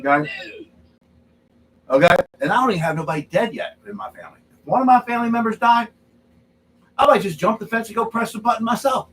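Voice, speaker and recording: A man with a very high, fairly bright voice talks fast and pauses often on a rough recording. He hosts a drinking livestream from a home studio, ranting angrily, repeating himself and tagging his points with "okay?".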